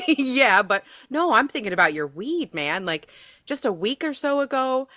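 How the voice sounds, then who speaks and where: A woman co-hosting a podcast with a bright voice whose pitch swings widely. She sounds sympathetic and playfully teasing in casual chat, recorded dry and close. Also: sing-song, moderate pace, no room sound. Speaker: podcast co-host.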